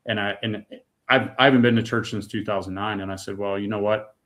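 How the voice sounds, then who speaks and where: Man, middle-aged, low voice, earnest, raw, emotional personal testimony, stumbles on words. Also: little pitch movement, fast talker, fairly bright tone. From United States. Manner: earnest, raw, repeats words when moved. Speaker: guest.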